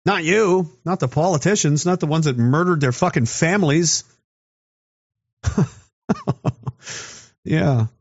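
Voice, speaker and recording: A man's voice: a little high, slow, pauses often, husky. A man in a heated, profane, sarcastic political rant. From Canada. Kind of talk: angry political rant to camera. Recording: dull lo-fi audio.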